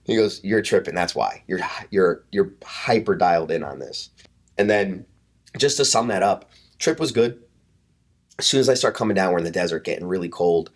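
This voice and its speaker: Man, very low voice, podcast guest, casual storyteller, swears a lot. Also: moderate pace. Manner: animated, swears often, acts out quotes. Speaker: podcast guest, fitness coach.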